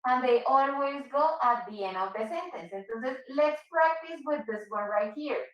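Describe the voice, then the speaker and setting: Patient high-voiced woman teaching English. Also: animated, a bit bright, distant mic. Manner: patient, repeats and explains slowly, switches into Spanish. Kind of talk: online English class for Spanish speakers. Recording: echoey room.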